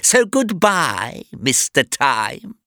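A man reading a learner's storybook and voicing a cruel woman villain who gloats slowly and menacingly. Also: low-pitched, sing-song, gravelly, sharp tone, dry recording, studio quality, pitched above the performer's own voice, full character voice. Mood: gloating. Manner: slow gloating delivery. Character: scheming female villain scientist, cruel. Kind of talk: graded reader story acting.

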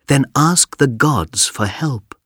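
A worried mother from an old myth pleads with her son in a raised, lifted voice, as a male reader puts her on. She speaks slowly and earnestly, her pitch pushed well above the reader's own. The sound is close and dry. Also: animated, a bit bright, no echo. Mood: pleading. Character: anxious loving mother of a hero.

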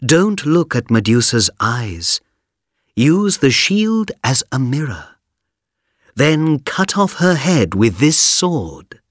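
A man voicing a wise goddess in a storybook, giving slow, solemn instructions in a raised voice. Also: mid-range voice, big pitch swings, dry recording, studio quality, voice pushed up.

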